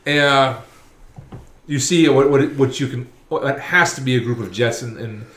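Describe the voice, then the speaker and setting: A man narrating a tabletop game as game master, setting scenes in a relaxed, chuckling way. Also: mid-range voice, unhurried. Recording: echoey room.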